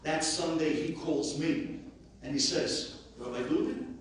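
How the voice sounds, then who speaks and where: A man, a rabbi, giving an impassioned eulogy that swings between shouting and hushed speech. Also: fairly high pitch, a little slow, a little hiss or hum. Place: large hall at a memorial gathering. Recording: very echoey hall, voice far from the mic.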